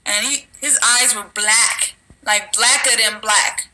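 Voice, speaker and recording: A woman's voice: a little high, steady tone, slow, pushed and bright, slight background noise, poor audio. A woman telling a religious dream in a rambling, casual way, with restarts, and at times reading scripture aloud. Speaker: religious video maker.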